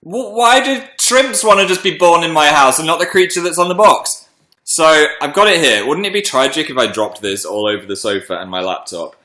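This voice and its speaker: A man chatting casually to viewers on a live stream, excitable and cooing over a small pet. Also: a little high, fairly quick, echoey room. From England. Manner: excitable, coos over his pet shrimp. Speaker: livestream host.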